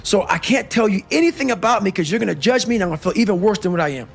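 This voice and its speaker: A man's voice: sits high, expressive, rapid-fire, creaky, breathy edge, soft background music. A man giving an intense, blunt motivational speech in an emphatic manner. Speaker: motivational speaker.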